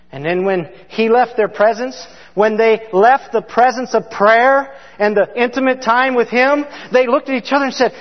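Male preacher, high voice, impassioned sermon, loud then hushed, dull reverberant hall recording.

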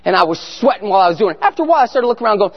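A man giving an animated testimony sermon as a guest speaker, telling his story and sometimes shouting prayers. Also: high-pitched, very fast, background noise. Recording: echoey hall, muffled sound.

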